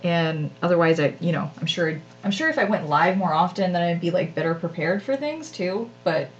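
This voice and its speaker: A woman's voice: fairly low pitch, animated, moderate pace, lo-fi sound, slight background noise. A woman hosting a live crafting stream, chatting casually and self-deprecatingly with viewers as she works, often laughing at herself. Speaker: craft channel host.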